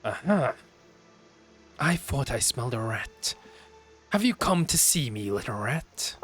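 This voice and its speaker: A man's voice: medium pitch, very animated, measured pace, a bit bright, soft background music. A man voicing a haughty, vain young woman who taunts and sneers at her sibling. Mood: mocking.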